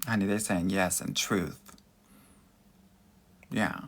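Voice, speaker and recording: A man's voice: low voice, steady tone, slow pace. Sassy man calling everyone honey. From United States. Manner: sassy, flamboyant, calls listeners honey and girl. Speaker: dating coach. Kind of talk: live-stream Q&A reading viewer comments.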